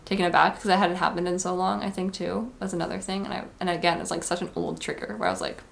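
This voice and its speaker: A young woman speaks in a relaxed, confessional vlog manner. Her voice sits a little low and carries a noticeable gravelly fry. She rambles warmly through advice, peppering every thought with "like". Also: fast talker. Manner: chatty, heavy use of "like", earnest advice-giving. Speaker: vlogger.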